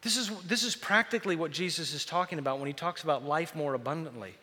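A man with a high, bright voice preaches to a congregation, animated and joking as he tells stories. The sound carries a long reverb from a large church hall. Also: quick pace. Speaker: pastor. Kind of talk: sermon.

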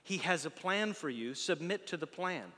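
Man, pastor, bright high voice, conversational sermon, reverb of a large hall. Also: normal speed. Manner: conversational, animated, rhetorical questions, jokey asides.

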